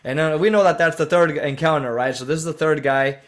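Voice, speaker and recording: A man's voice: on the high side, a little fast. A young man casually recapping a short film in a reaction video, rambling with many fillers and restarts and breaking into indignant asides.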